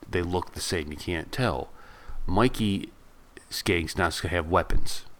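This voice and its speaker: Low-voiced guy recapping a movie, loose and rambly, lots of asides. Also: unhurried, fairly bright tone, slight background noise. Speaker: movie reviewer. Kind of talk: casual film recap.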